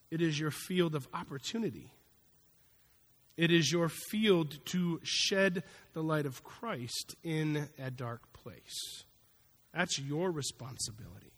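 A man's voice: a little high, fairly bright tone. A man preaching a sermon in a conversational, folksy way, acting out little asides as he goes. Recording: long hall reverb.

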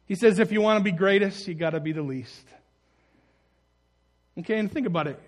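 Male pastor, higher voice, lively sermon delivery that acts out the scenes and swings between loud and hushed. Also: fairly quick. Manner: animated, acts out the story in voices, rises loud then drops soft.

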